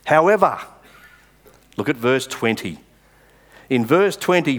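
A male pastor preaching a sermon, reading scripture with dramatic pauses and stressed words. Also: medium pitch, lively intonation, a bit bright.

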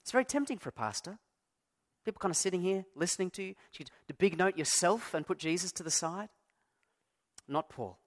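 A man's voice: sits high, animated, brisk. A man preaching a sermon as pastor, conversational and self-deprecating, stressing key words. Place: church.

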